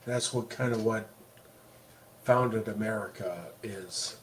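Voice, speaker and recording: Male co-host, low-key and laconic, slow delivery, slight background noise. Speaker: podcast co-host. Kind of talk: casual political chat on a livestream.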